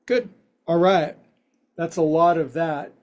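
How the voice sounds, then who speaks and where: A man teaching a yoga class, guiding stretches with slow cues and playful, folksy quips. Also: a little high, fairly even intonation, a little mellow. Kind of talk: guided yoga class instruction.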